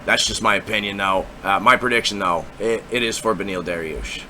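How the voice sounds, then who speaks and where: A man hosting a casual fight-prediction talk, profane, excitable and rambling with lots of repetition. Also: on the low side, fairly quick, slight background noise. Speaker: MMA fight predictions host.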